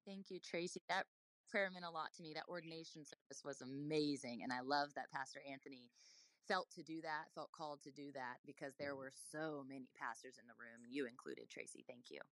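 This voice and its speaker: Low-voiced warm woman hosting a faith chat. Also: fairly quick, no echo, poor audio. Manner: effusive, affectionate. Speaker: host. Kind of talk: faith-based call-in chat.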